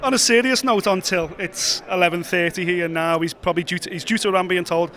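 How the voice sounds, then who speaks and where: A high-voiced man with a bright, forward tone hosts a casual walk-and-talk vlog. He chats quickly and excitedly and swears freely. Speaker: host.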